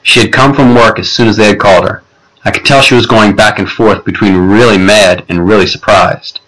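A man narrating an audiobook in a measured, unhurried storytelling manner. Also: on the low side, fairly bright tone, low-quality recording.

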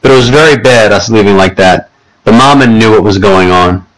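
A man's voice: on the low side, a little fast, a bit bright, lightly acted, poor audio. A man voicing a firm, caring woman babysitter who scolds the boys in an audiobook. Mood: earnest.

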